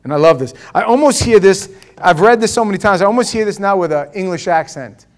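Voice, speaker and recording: High-voiced, animated male pastor. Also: fast. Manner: animated, joking, acts out the verses. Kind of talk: sermon, verse-by-verse teaching.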